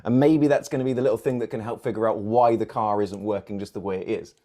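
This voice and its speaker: A man co-hosting a casual motorsport podcast, chatting in a jokey, animated way. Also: on the low side. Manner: animated, jokey, quick to mimic others. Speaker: podcast co-host. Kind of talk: casual chat.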